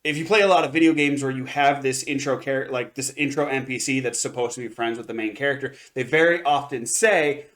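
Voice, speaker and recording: A man's voice: mid-range voice, fairly quick, hardly any pauses, fairly bright tone. A man co-hosting an anime review podcast, recapping an episode in a rambling way, with many fillers and restarts. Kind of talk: casual review chat.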